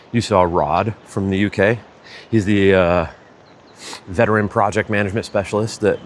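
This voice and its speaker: Male vlogger, lowish voice, loose and chatty storyteller who self-corrects, with faint ambient noise behind. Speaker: vlogger walking a pilgrimage route. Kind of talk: casual storytelling to camera.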